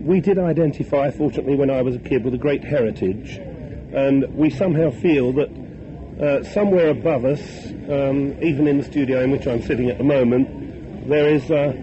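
A man's voice: mid-range voice, brisk. A man from North London, a guest on a live radio interview, talking hesitantly and earnestly with many ums while he has a bad cold. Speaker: radio phone-in guest, poet and author. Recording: dull old radio broadcast with noise.

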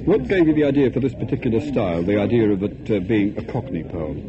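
A radio phone-in host with a lowish voice chats in a polished, genial manner, reading out numbers and thanking guests. The broadcast sounds dull and old, with a clear hiss behind it. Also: male voice, lively intonation, quick pace. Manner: polished, genial presenter patter. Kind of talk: live radio presenting.

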